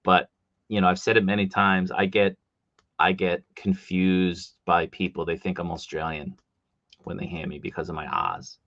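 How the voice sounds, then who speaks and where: A man's voice: sits low, moderate pace, fairly bright tone, dry recording, dull audio. A man with a Boston accent hosting a casual live stream, rambling through chat comments with plenty of fillers. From Boston, USA.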